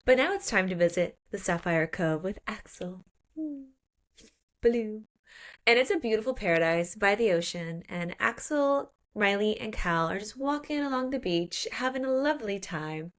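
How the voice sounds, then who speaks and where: A woman's voice: mid-range voice, moderate pace. Young woman animatedly recapping a book. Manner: animated retelling, acting out characters' lines. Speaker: podcast co-host. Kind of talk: casual book recap chat.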